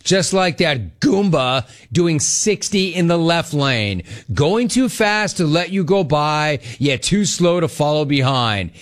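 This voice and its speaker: A middle-aged man hosts a live call-in show, reading out viewer messages and ribbing the senders. His voice sits a little high for a man, and his delivery is brash and jokey. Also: animated, slow pace, hardly any pauses. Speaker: talk show host.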